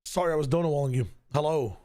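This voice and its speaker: A man streaming with a hoarse, worn-out voice, ranting with emphasis and profanity while watching esports. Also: fairly high pitch, fast talker, mellow. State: hoarse, voice gone. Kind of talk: casual stream commentary.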